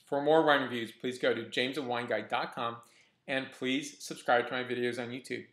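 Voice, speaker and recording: A man hosting a casual wine review vlog, talking in a relaxed, enthusiastic way with frequent restarts. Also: mid-range voice, normal speed. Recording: roomy echo.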